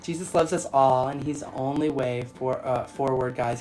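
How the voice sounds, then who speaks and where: A woman's voice: very deep voice, moderate pace, darkish tone, faint music behind. A woman hosting a casual phone livestream, bubbly and laughing often as she reacts to viewer comments. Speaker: livestream host and spiritual shop owner.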